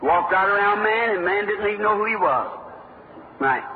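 Man preaching, forties, high voice, fervent storyteller, tinny old recording, echoey hall. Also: expressive, normal speed, slight background noise. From American South-Midwest. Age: 40s. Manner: fervent storytelling, voices the people in his stories. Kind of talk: revival sermon. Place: church meeting hall.

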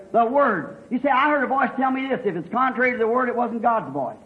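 Male revival preacher, very high voice, fiery, dull lo-fi tape. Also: expressive, fast talker, hardly any pauses. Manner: swings from hushed to shouting, fervent. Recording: echoey, muffled old sermon recording.

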